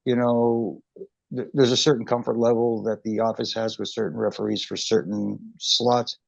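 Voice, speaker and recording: A man's voice: on the low side, little pitch movement, normal speed, vocal fry, dry recording. A middle-aged man telling a story as an interview guest, with lots of fillers and restarts. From Canada. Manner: chatty, many fillers and restarts, emotional recollection. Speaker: guest, retired wrestling referee. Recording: dry, dull lo-fi call audio.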